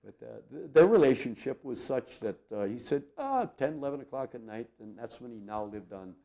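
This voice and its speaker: A man's voice: medium pitch, a little fast, vocal fry, warm tone. A man in his eighties from Minnesota, reminiscing in a rambling, chuckling way full of fillers. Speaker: interviewee. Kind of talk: reminiscing storytelling.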